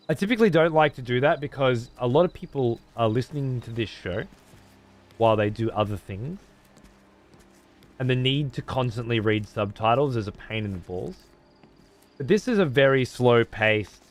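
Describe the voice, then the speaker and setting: A man giving casual gameplay commentary as a streamer, profane and sarcastic. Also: mid-range voice.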